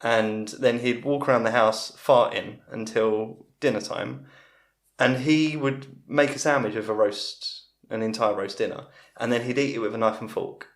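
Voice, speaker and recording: A man's voice: medium pitch, normal speed. Rambling man telling stories. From England. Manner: rambling storyteller with frequent restarts. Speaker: comedian guest. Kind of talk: casual anecdotal chat. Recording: roomy echo.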